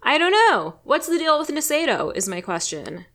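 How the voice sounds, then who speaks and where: A woman co-hosting a podcast, chatting casually and firing off many questions with animated, joking energy. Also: sits high, normal speed. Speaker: podcast co-host. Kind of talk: casual chat.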